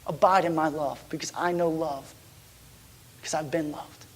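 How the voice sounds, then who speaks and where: Hushed, conversational male pastor. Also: on the high side, fairly even intonation, normal speed, husky. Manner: conversational, dropping to hushed, near-whispered tones; frequent restarts and stammers. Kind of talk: storytelling sermon.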